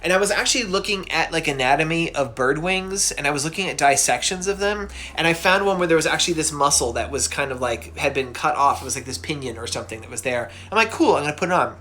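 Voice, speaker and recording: A cartoonist in middle age, host of a show on myths, goofily and casually recounts one in a bright, forceful, slightly high voice. He goes fast with few pauses, rambling chattily with many fillers.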